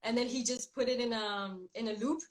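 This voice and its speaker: A woman rapper being interviewed over a video call, upbeat and chatty, quick to laugh, in her groggy morning voice. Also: fairly high pitch, low-quality recording. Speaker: rapper guest.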